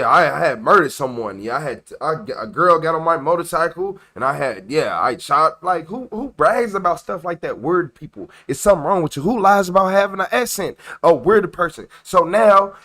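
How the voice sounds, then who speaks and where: A man's voice: on the high side, a bit bright. Slangy man ranting at his stream chat. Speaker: livestream host reacting to police videos. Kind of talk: casual live reaction commentary.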